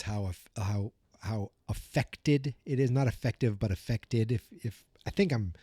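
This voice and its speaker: A man's voice: medium pitch, dark tone, dry recording. A man with a Boston accent hosting a podcast, chatting casually about a film in a rambling way, often stopping to correct himself. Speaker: podcast host. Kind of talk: casual movie review chat.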